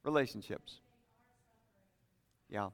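A man's voice: on the low side, takes it slowly. A man preaching a sermon in a conversational way, inviting the congregation to share their thoughts. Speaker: pastor. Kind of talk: interactive sermon. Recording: long hall reverb.

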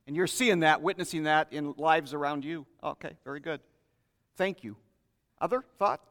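A man's voice: on the high side, moderate pace, a bit bright. A man preaching a sermon in a conversational way, inviting the congregation to share their thoughts. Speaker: pastor. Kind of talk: interactive sermon. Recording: long hall reverb.

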